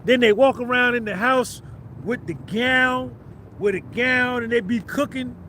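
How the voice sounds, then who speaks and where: A man with a New Jersey accent and an unusually high voice rambles through a casual livestream, cursing freely and calling out to viewers in the chat. Faint traffic hums behind him. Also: unhurried, pushed and bright. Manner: profane, rambling, banters with chat. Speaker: livestream host.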